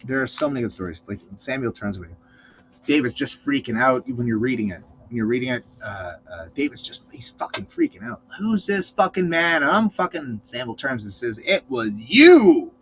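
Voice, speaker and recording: A man hosts his own show, ranting, swearing and animatedly telling stories in a casual, profane monologue. His voice is mid-range and fairly quick, with slight background noise. The recording is a bit dull, leaving him sounding cold and muffled.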